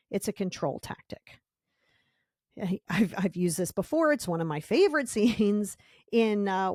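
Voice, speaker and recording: A woman's voice: mid-range voice, a little mellow, no room sound, clean studio sound. A woman hosting a self-help podcast, talking emphatically, repeating key words for stress and acting out little scenes in quoted voices. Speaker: podcast host.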